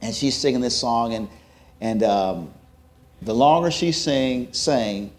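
A man giving a sermon testimony, telling a story with acted-out quotes that rise to loud, emotional peaks. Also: medium pitch, slow. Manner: self-described introvert, plain conversational delivery. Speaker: preacher.

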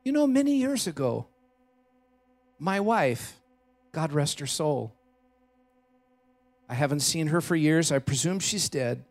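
A man voicing a gentle middle-aged watch repairman from Vienna with a soft European accent, speaking in a hushed, wistful way. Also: on the high side, big pitch swings, slow pace, pauses often, exaggerated voice.

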